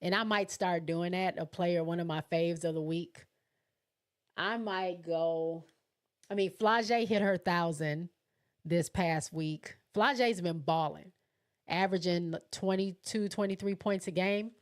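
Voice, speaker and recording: A woman's voice: lowish voice, measured pace. A woman hosting a casual livestream, chatting loosely and thinking aloud as she reads viewer comments. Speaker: livestream host. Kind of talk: casual chat reading live comments.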